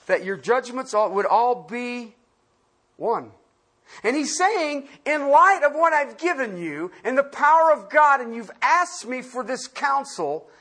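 Swinging between loud emphasis and quiet asides, a pastor asks his listeners questions as he teaches a Bible-study sermon. The voice is mid-range with a breathy edge.

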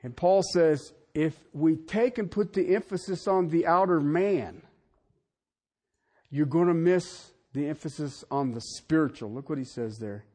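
A middle-aged male pastor preaching a sermon, swinging from soft asides to shouted emphasis. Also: on the high side, measured pace.

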